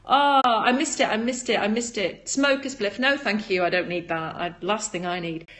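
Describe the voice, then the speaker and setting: A woman hosting a casual livestream, chatting in a bubbly, high-energy, rambling way and reading viewer comments aloud, recorded on a phone camera at a table indoors. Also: moderate pace, fairly bright tone. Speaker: livestream host selling flower essences.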